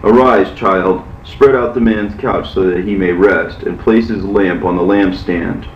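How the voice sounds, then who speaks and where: A man reading the part of an aged, tender father in a measured, solemn way, heard from far off in an echoey space. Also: low-pitched, steady tone, muffled recording, a little hiss or hum.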